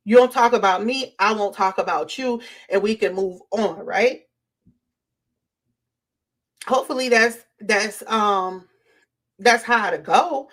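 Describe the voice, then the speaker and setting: Slow-talking high-voiced woman livestreamer. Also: fairly bright tone. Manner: conversational, addresses viewers directly, repeats herself; greets chat viewers by name. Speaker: livestream host. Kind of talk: casual livestream talk to viewers.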